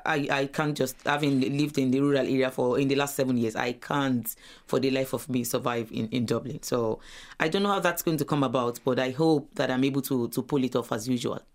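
Nigerian-born woman on a radio chat, middle-aged, animated, laughs a lot. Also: a bass voice, fairly quick. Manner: animated, laughs easily, acts out family voices. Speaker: guest. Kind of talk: radio interview.

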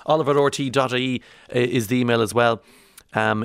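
An Irish man from County Monaghan hosting a morning radio show, chatty and rambling, swinging from bright to low. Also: steady tone, fairly quick, creaky, clean tone, no echo, studio quality. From County Monaghan, Ireland. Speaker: radio host. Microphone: studio microphone.

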